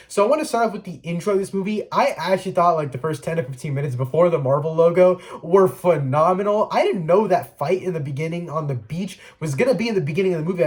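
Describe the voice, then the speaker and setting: A man's voice: fairly high pitch, darkish tone. A man giving a casual spoiler review, chatty and full of "like" and restarts. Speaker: movie reviewer.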